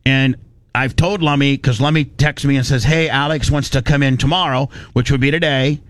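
A man hosts a radio show from a broadcast studio, speaking into a studio microphone. He tells a story as an on-air rant, blunt, heated, and rambling, restarting often. His voice is medium-pitched, steady, and a bit bright, at a normal speed.

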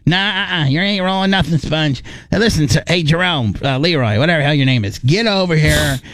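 Man putting on a stubborn loudmouth buddy. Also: a little high, lively intonation, fairly quick, no room sound. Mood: defiant. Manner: insistent, drawling, repeats himself. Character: stubborn loudmouth male friend, defiant.

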